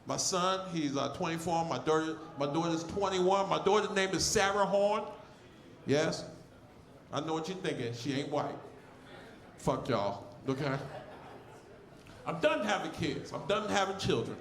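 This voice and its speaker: A man in his forties with a lisp, doing a loud, crude stand-up comedy set on stage, often shouting at the crowd. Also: on the high side, animated, unhurried, long pauses, reverberant. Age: 40s.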